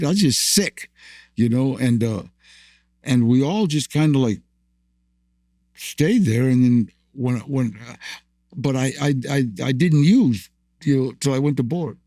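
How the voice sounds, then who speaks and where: A man's voice: mid-range voice, mellow, dry recording. An older man from the United States, a guest in an interview, tells rambling stories of his past, repeating words and laughing often. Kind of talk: storytelling interview.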